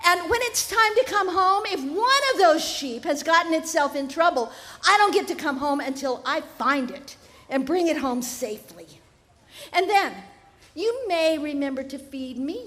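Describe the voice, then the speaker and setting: A woman's voice: high voice, a bit bright. A woman voicing a fed-up male dog who mocks his master with sarcastic complaints. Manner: sarcastic, laughing, exasperated. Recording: live festival tent with long reverb.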